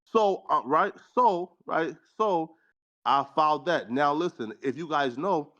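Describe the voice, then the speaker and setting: A man's voice: on the high side, expressive, unhurried, fairly bright tone, muffled recording. A man on a podcast panel talking in a casual, rambling way, packing his speech with fillers and slang. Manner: rambling, full of fillers like "right" and "you feel me"; slangy and profane. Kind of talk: casual chat.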